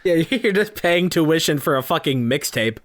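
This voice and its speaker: A man's voice: on the high side, animated, normal speed, fairly bright tone. A man co-hosting a podcast in casual chat, tossing in dry joking quips. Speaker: podcast co-host.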